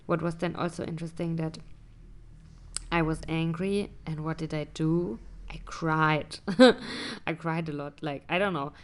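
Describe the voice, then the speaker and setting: A woman talking through her personal experience in a reflective vlog, hesitant and searching for words, sometimes dropping to a soft whisper. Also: low voice, vocal fry. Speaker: vlogger.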